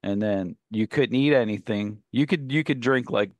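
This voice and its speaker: A man's voice: mid-range voice, normal speed, no room sound. A man co-hosting a radio show, telling long rambling anecdotes in casual banter and laughing at his own stories.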